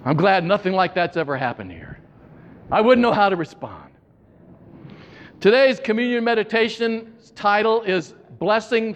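A male pastor delivers a sermon in a church, moving from wry, joking storytelling to slow, earnest reflection. His voice sits high for a man. A long hall reverb trails every phrase. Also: expressive, lo-fi sound. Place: church sanctuary.

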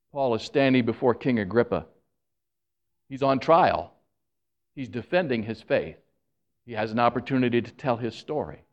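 A man preaching a sermon, animated and joking with the congregation, who admits he talks fast when excited. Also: medium pitch. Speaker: pastor.

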